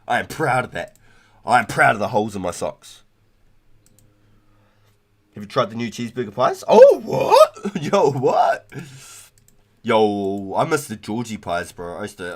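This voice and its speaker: A young man, chatting casually and rambling on a gaming livestream, full of slang like "bro". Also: deep voice. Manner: laid-back, slangy, rambling with frequent "bro" and "like". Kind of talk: casual gaming stream chat.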